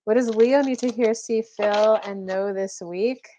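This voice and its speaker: A woman's voice: medium pitch, a little slow, warm tone, slight background noise. A woman giving a casual, chatty live-stream card reading as a spiritual coach, full of fillers and little acted-out quotes.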